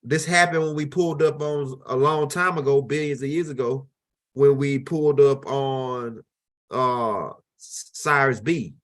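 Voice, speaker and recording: A man's voice: medium pitch, fairly even intonation, a little slow, fairly bright tone. A man hosting his own channel, talking casually and animatedly over video clips, rambling with many restarts. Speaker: host.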